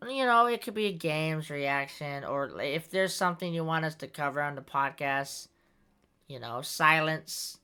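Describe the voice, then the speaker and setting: A woman's voice: deep voice, a little slow, sharp tone, clean tone. Giggly rambling woman podcast host. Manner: giggly, rambling, lots of fillers. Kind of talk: casual chat.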